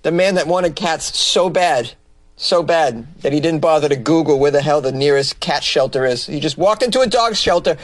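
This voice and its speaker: Comedian guy riffing on weird news, slightly high voice, dry close mic. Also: animated, moderate pace, no echo. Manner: sarcastic, riffing asides. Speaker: podcast host and comedian.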